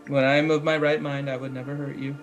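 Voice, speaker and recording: A man's voice: mid-range voice, little pitch movement, fast, highs cut off, faint music behind. Hesitant male player. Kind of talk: tabletop game chat.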